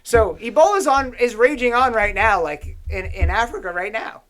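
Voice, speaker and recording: A man hosts a loose political chat after a few whiskeys. He rambles through profane, animated stories and worked-up rants. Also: high voice, normal speed. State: tipsy on whiskey. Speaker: show host.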